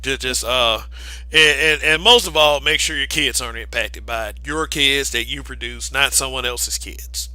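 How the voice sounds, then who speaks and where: Bright-voiced man talking frankly. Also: medium pitch, normal speed, no echo, poor audio. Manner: emphatic, many restarts, laughs between points. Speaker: podcast co-host. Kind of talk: casual discussion.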